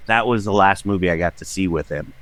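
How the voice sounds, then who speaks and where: A man's voice: deep voice, fast, dry recording. A man in his forties, a writer and voice actor, telling personal stories in a podcast conversation and acting out the voices of people he quotes. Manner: animated storyteller who acts out quoted voices. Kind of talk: candid storytelling conversation.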